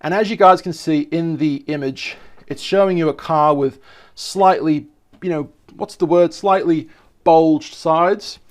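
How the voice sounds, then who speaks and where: A man's voice: on the high side, unhurried. A man hosting a casual video commentary, enthusiastic and rambling, often stopping to correct himself. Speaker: video host.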